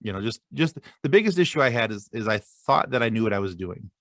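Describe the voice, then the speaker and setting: A man guest on a podcast, telling stories in a halting, self-deprecating way with many restarts. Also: on the low side, expressive, a bit bright, dry recording, studio quality. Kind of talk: casual podcast chat.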